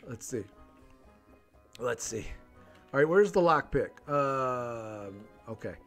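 A man in his thirties, a slightly hoarse gaming host, chatting playfully and teasing his young son while they play, laughing often. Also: medium pitch, expressive, slow, a bit bright, soft background music. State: a little hoarse, losing his voice. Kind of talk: casual gameplay commentary.

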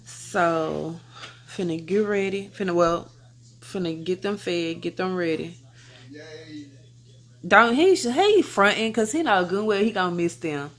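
Low-voiced woman chatting to her vlog. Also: a little slow. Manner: chatty and relaxed, slangy, talks to viewers as y'all. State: out of breath at times. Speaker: family vlogger. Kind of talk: casual vlog chat to camera.

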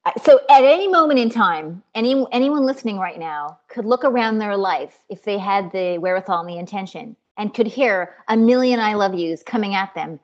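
A woman's voice: mid-range voice, expressive, a little fast, hardly any pauses. A woman hosting an interview, prompting her guest with questions and asking for concrete examples. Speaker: host. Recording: dull lo-fi sound.

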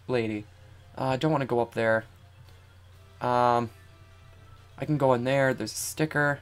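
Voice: mid-range voice, fairly even intonation, a little slow, pauses often, faint music behind. A young adult streamer chatting casually over gameplay, rambling from thought to thought and giggling often. The talk is loose and self-amused, full of little asides. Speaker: let's play streamer. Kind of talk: casual game commentary.

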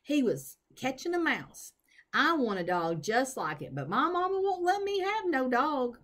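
Wide-eyed little girl of five, earnest and blunt, slow careful words, storybook, voiced by a woman. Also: sits high, big pitch swings, fairly bright tone, voice pushed up, heavily acted. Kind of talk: storybook reading.

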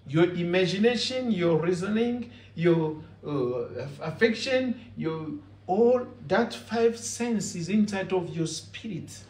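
A man's voice: sits high, lively intonation, takes it slowly, darkish tone. A man preaching a sermon with emphatic, repetitive phrasing. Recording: echoey room, from far off.

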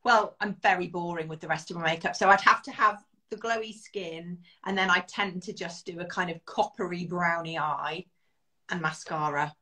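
A middle-aged British woman with a lowish voice chats as a guest about her favourite beauty products. She sounds enthusiastic and self-deprecating and laughs easily. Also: fairly even intonation, normal speed, sharp tone. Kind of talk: casual interview chat.

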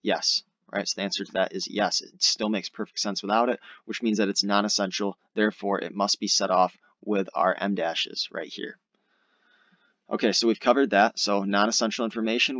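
Young male tutor, low voice, relaxed explainer, dry muffled mic. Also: normal speed, no room sound. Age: young adult. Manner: casual, explanatory, uses fillers like "all right". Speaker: SAT tutor. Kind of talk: screen-recorded grammar lesson.

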